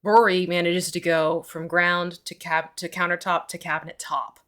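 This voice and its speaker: A woman's voice: on the low side, little pitch movement, normal speed, a bit bright. A woman casually explaining miniature painting step by step on a live stream, chatty and giggly. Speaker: mini painting instructor. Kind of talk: casual instructional chat.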